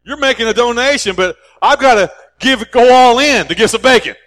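A man's voice: very high voice, lively intonation, a little fast, fairly bright tone, no room sound, pitched above the performer's own voice. A man voicing a put-upon pig in a joke story, sounding indignant and emphatic.

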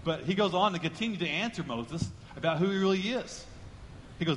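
A man's voice: high-pitched, lively intonation, brisk, in a large hall, a little hiss or hum. A man preaching a sermon as pastor, emphatic and repeating his key phrases as he builds. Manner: emphatic, repeats key phrases, drives lines upward in volume.

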